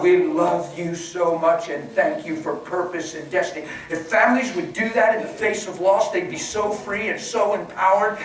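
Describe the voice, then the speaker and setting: A man preaches, his voice a little high for a man. He moves from hushed, near-whispered lines to loud, excited bursts. He is recorded from a distance in a big, echoing church hall with faint noise behind. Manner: passionate, swings from hushed to shouting. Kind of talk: sermon. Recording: echoey hall, voice from far off.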